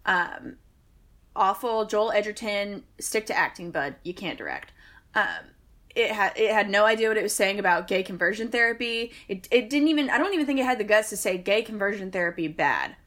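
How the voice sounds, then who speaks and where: A woman's voice: medium pitch, animated, a little fast, a bit bright. A woman, co-hosting a podcast and telling a long, wry, exasperated story in casual chat. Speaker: podcast co-host.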